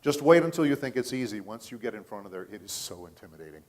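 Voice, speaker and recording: A middle-aged man talks through a voice acting convention panel in a loose, storytelling manner. His voice sits a little low. He keeps pausing to ask the crowd "okay?" while he explains how the work is done. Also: sing-song. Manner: storytelling, chatty, checks in with the audience with "okay?". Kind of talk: casual panel talk.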